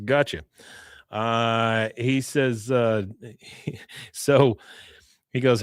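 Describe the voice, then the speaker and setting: Man, podcast host, casual recap, animated storytelling, mid pitch, dry close mic. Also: drawn-out words, pauses often, smooth, no room sound. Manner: animated retelling, acts out quotes, chuckles often.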